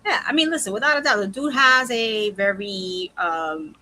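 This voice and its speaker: A woman co-hosting a casual wrestling chat show, animated and emphatic, quick to agree. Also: mid-range voice, poor audio. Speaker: podcast co-host.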